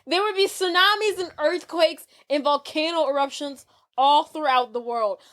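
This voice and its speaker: A woman's voice: high-pitched, moderate pace. A woman co-hosting a podcast, recapping a movie in casual chat and laughing often as she tells the story. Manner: giggly, animated storytelling. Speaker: podcast co-host.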